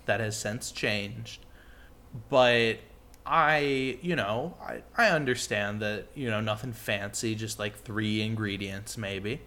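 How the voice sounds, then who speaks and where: A man's voice: on the low side, takes it slowly, pushed and bright. Young man rambling casually. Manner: chatty, rambling with lots of "like" and "you know". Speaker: podcast co-host. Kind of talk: casual chat.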